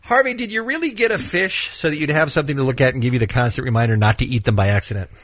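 A man hosting a morning radio show, teasing callers and guests with quick jokes. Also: mid-range voice, fairly bright tone, no room sound. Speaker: radio host.

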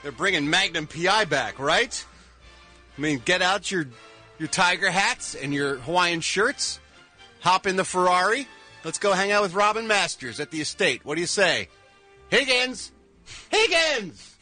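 Man, showbiz reporter, sarcastic, high and very bright, animated. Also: normal speed, faint music behind. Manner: sarcastic and mocking. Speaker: entertainment news reporter on a radio show.

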